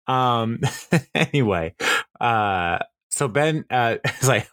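A man's voice: mid-range voice, big pitch swings, slow pace, dry recording, clean studio sound. A man hosting a podcast in casual chat, rambling and chuckling as he retells a TV episode. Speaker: podcast host.

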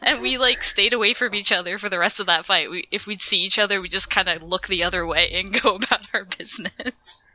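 A woman's voice: medium pitch, brisk, hardly any pauses, bright, forceful tone, rough recording. A woman co-hosting a casual podcast, telling rambling, giggly stories about her games. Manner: rambling, giggly gamer storytelling. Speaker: podcast co-host.

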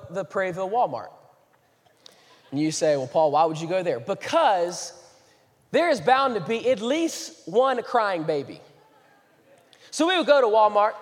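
A man's voice: high-pitched, in a large hall. A young man, preaching a sermon as a pastor, moving between jokes and earnest pleading. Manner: animated, joking then earnest and pleading.

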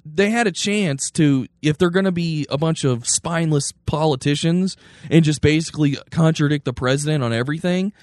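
Young man, casual podcast co-host, mid pitch, dry close mic, animated and rambling. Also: fairly quick, few pauses, dry recording. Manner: animated, rambling with restarts, mocking impressions. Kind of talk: casual political chat.

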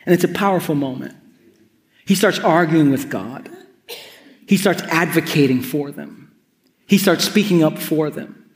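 A high-pitched man preaching a sermon in a reverberant hall, his words trailing into a long echo. He tells the story with animation and drops in playful, joking asides before building to earnest points. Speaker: pastor.

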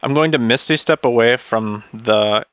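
A man's voice: mid-range voice, moderate pace, a bit bright, smooth, no room sound. A man playing a tabletop game, thinking aloud and hesitating as he plans his turn. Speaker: player. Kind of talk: casual tabletop play.

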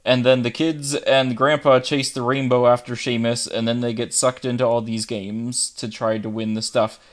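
A man's voice: medium pitch, flat delivery, normal speed. A man co-hosting a podcast, casually questioning the logic of a movie plot. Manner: questioning, picks at plot holes. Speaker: podcast co-host. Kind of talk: casual chat.

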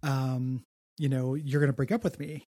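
A man's voice: medium pitch, level tone, normal speed, mellow, no room sound, studio quality. A man co-hosting a podcast, recapping a film in casual chat, joking and laughing often. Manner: laughing, joking, acts out quotes. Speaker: podcast co-host.

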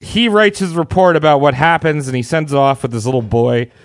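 A man's voice: on the high side, fairly quick, no room sound. A young man casually retelling history as a podcast host, irreverent and profane, often laughing as he talks. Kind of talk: casual storytelling chat.

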